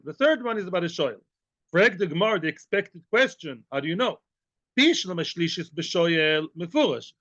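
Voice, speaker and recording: A man, a rabbi, teaching a Talmud class in a lively way, mixing English with Hebrew and Aramaic terms and asking questions he then answers himself. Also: sits high, no echo. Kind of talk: Talmud lesson. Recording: dull, lo-fi and dry.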